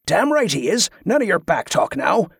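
A man's voice: sits high, very animated, moderate pace, vocal fry, fairly bright tone, breathy edge, no room sound, studio quality, pitched above the performer's own voice, full character voice. Man voicing a growling, scornful male ringleader. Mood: gruff commanding. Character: gruff bullying male schemer, a leader.

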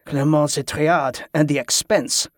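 A man's voice: on the high side, steady tone, unhurried, no room sound, clean studio sound, lightly acted. A man voicing a reserved, formal male ship captain. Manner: stiff, formal.

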